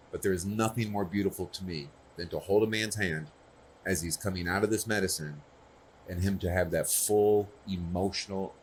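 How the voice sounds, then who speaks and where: A man's voice: sits low, a little hiss or hum. A man speaking earnestly and personally at a conference, often checking in with the audience. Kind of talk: conversational conference talk.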